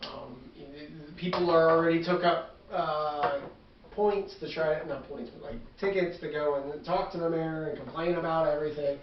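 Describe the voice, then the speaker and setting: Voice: mid-range voice, fairly even intonation, moderate pace. A game master narrates a tabletop session off the cuff and rambles with filler words. The voice sounds far from the mic in a very echoey room. The recording is dull, with faint noise. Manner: rambling improvised narration full of "like".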